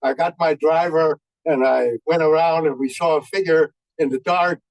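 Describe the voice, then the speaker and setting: A man in his nineties, a veteran, tells war stories in a folksy way and often pauses on fillers. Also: on the high side, steady tone, dry recording, rough recording. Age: 90s. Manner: folksy, halting with many fillers. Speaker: veteran speaker. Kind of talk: anecdotal war storytelling.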